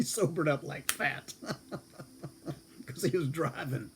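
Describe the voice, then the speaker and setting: A man's voice: a little high, slow pace, pauses often, a little hiss or hum. An older man in his seventies casually telling a rambling personal story, chuckling often and correcting himself as he goes. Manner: chuckles often between lines.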